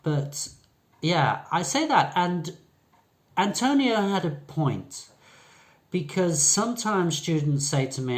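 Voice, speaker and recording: A man's voice: a little high, big pitch swings, slow pace. An older English man with a British accent, an English teacher telling a story in a chatty, rambling way. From England. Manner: chatty, rambling, with fillers and restarts. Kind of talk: casual storytelling lesson.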